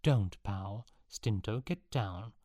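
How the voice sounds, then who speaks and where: A man's voice: on the low side, slow, dark tone, no room sound. Jenny, a firm, kind girl leader, read by a man.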